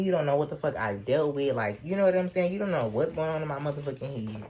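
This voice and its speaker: Animated, foul-mouthed young storyteller man. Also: on the high side, fast. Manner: animated, swears constantly, laughs while talking. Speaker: vlogger telling a story. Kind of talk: casual storytime chat. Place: indoors at home, sipping a drink.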